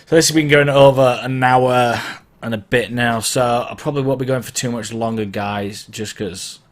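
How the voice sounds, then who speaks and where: Speaking at a moderate pace with fairly even intonation, a mid-range male voice hosts a live Q&A as a DJ. He's relaxed and supportive, rambling and self-correcting, and his throat is sore from hay fever. A mic below the camera picks him up.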